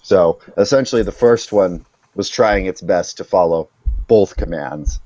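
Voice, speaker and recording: A man narrating a tabletop game as game master in a relaxed, chatty way with fillers. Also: sits low, a little slow, dry recording, dull audio.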